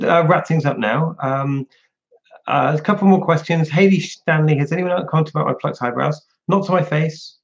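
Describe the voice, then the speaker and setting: A man's voice: medium pitch, vocal fry, highs cut off. A man hosting a casual livestream, chatting and answering viewers' questions one by one. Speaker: livestream host.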